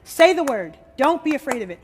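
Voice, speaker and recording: A woman's voice: sits high, very animated, brisk. A woman musician giving a bold, sassy, joking speech from a stage. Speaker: musician and disability advocate. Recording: live hall with long reverb.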